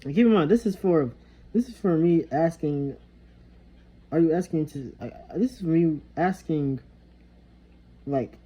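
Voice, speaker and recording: A young man with a very dark, mellow tone and a husky edge. He rambles and vents with frustration, swearing heavily in a casual monologue. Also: a little high, unhurried, long pauses, poor audio. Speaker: vlogger.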